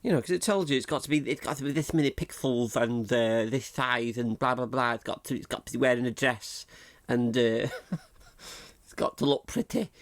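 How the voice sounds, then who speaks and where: Rambling, self-mocking podcast host. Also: male voice, medium pitch, fairly quick. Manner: rambling and self-mocking, laughs often at himself. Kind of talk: casual solo podcast chat.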